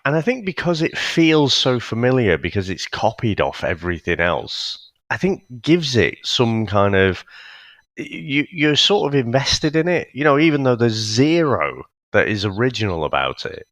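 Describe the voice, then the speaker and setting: A man co-hosting a casual film-review podcast, talking in a halting, hedging way with sighs and restarts. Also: medium pitch, sing-song, a bit bright, no echo. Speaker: podcast co-host reviewing films. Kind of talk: casual chat.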